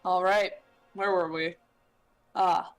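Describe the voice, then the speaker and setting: A woman's voice: medium pitch, expressive, fairly quick, a bit bright, soft background music. A woman chatting casually while playing through a game with friends, explaining things at length with plenty of fillers. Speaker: let's play host. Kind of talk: casual gaming chat.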